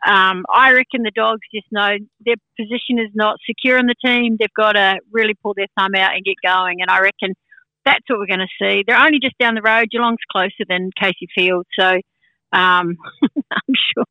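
A woman's voice: mid-range voice, fairly even intonation, normal speed, sharp tone, no echo, poor audio. A woman from New Zealand giving casual sports chat as a football pundit, chatty with many fillers.

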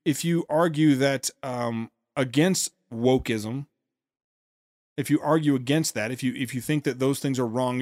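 A man hosting a podcast, giving sarcastic commentary on a played speech with quick asides and restarts. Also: medium pitch, no room sound, studio quality. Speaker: podcast host.

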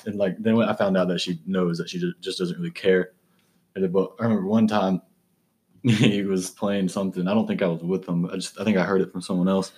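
A man's voice: low voice, flat delivery, a little fast, darkish tone. A young man in casual chat with a friend, joking and cursing, laughing often.

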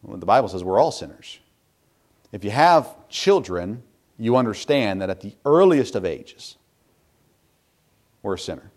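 A man in his thirties preaching a sermon, swinging from loud, emphatic passages to soft, hushed confession. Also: lowish voice, very animated, a little slow, pauses often. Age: 30s. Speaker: pastor.

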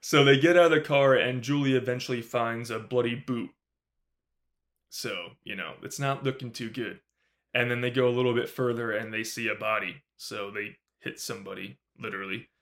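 Animated swearing man recapping a film. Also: medium pitch, moderate pace. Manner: animated, swears often, acts out characters' lines. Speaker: podcast co-host. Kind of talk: casual movie review recap.

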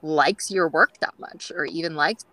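A woman's voice: low-pitched, measured pace, sharp tone, no echo, low-quality recording. A woman guest on a groomers' podcast, telling stories in a chatty way with many fillers and acting out quoted dialogue. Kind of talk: casual storytelling interview.

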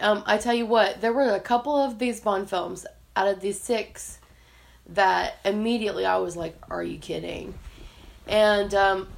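A woman co-hosting a podcast, chatting in a casual, animated way and laughing often between thoughts. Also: medium pitch. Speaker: podcast co-host.

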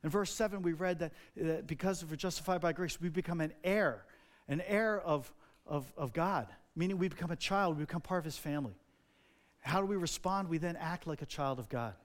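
Earnest preacher from New Jersey. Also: male voice, a little high, brisk. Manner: earnest, personal storytelling with fillers. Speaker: pastor. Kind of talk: sermon.

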